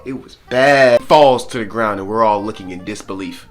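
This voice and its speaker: A man's voice: on the low side, moderate pace, few pauses, soft background music. A young man telling a comedic storytime, laughing often and dropping into dramatic narrator asides. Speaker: storytelling vlogger.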